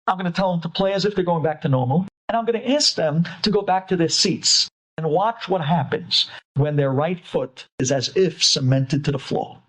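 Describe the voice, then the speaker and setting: A man voicing a calm male stage hypnotist who gives commands in a steady, instructing way. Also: a little high, moderate pace, poor audio. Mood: commanding.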